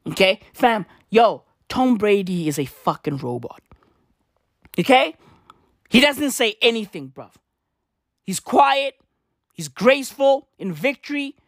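Taking it slowly with long pauses, this vlogger rants comically and profanely in a high-pitched, sing-song voice, piling on slang and rhetorical questions. He's in South Africa, and the studio recording is clean with no room sound.

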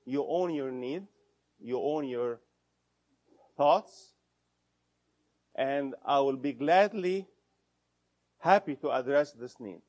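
Slow-paced man quizzing an audience. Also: medium pitch, darkish tone. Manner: deliberate, repeats points and quizzes the audience. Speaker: instructor. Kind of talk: interactive lecture to an audience.

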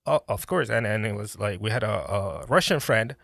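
A man from Colombia, a native Spanish speaker, telling his story as a podcast guest in an animated way, often restarting his sentences. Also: on the low side, a little fast, creaky, no room sound. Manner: animated, restarts often, bursts into laughing exclamations. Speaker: podcast guest, brand founder. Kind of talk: casual interview storytelling.

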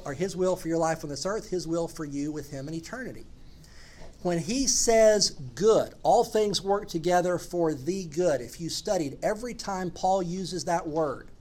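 A man's voice: sits high, a little mellow. A man preaching a sermon as a pastor, earnest and emphatic, building his points through repeated phrases.

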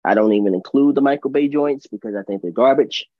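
A man's voice: mid-range voice, fast talker, dry recording. A man hosting a casual podcast chat, enthusiastic, laughing often and restarting his sentences. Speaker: podcast host. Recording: dull, dry lo-fi sound.

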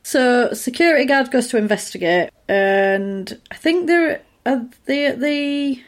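A chatty woman retells a film plot in casual conversation. She slips into the characters' lines as she goes, animated and quick. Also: sits high. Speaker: podcast co-host recapping a film. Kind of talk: casual chat.

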